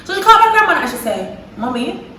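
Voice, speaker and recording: A young woman from Jamaica with a Jamaican accent, telling a story in a lively, dramatic way with patois slipping in. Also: very high-pitched, racing, reverberant, recorded from a distance, a little hiss or hum, rough recording. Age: young adult. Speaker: vlogger. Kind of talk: storytime chat.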